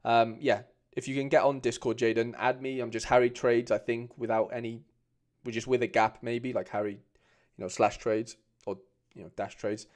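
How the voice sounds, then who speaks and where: A man's voice: medium pitch, level tone, normal speed, a little mellow. Male streamer, casual and informal, lots of restarts, mid-range voice. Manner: chatty, informal, reads viewer comments aloud, frequent restarts. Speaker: streamer reviewing fan card collections. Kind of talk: casual live stream chat.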